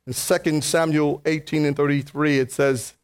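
A man preaching a sermon to a congregation, pleading and impassioned, swinging between loud emphatic lines and quiet ones. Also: a little high, level tone, moderate pace, clear, resonant tone. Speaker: pastor. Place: church before a congregation.

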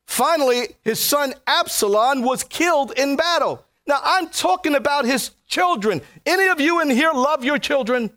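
A man preaching a sermon to a congregation, pleading and impassioned, swinging between loud emphatic lines and quiet ones. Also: very high voice, animated, moderate pace, hardly any pauses. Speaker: pastor. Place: church before a congregation.

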